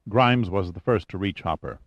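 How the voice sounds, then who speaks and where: A man narrating an audiobook with steady, even storytelling. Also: low voice, normal speed, dry recording, dull audio. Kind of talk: scripted narration.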